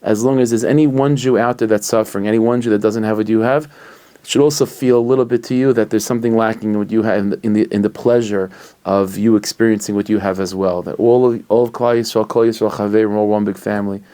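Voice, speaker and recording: Animated male rabbi telling a story. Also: on the low side, fast, clear, resonant tone. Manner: animated and conversational, with frequent restarts.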